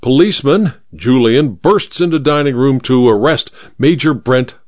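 A man's voice: medium pitch, moderate pace, darkish tone, no echo, muffled recording, lightly acted. A man voicing a pompous older judge who stammers when caught out. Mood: flustered.

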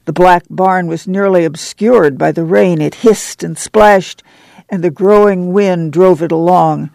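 A woman narrating an audiobook in a steady reading voice. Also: on the low side, unhurried, creaky, dry recording.

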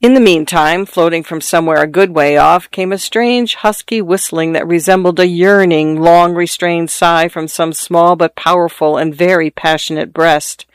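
Smooth, dry audiobook narrator. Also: mid-range voice, no echo. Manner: measured, descriptive.

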